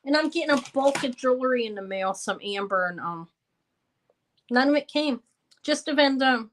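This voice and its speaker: A woman's voice: sits high, animated, normal speed. Chatty woman in her fifties selling jewelry. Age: 50s. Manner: rambling, chatty, answers viewers between items. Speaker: live jewelry seller. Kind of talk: casual live-stream sales chat.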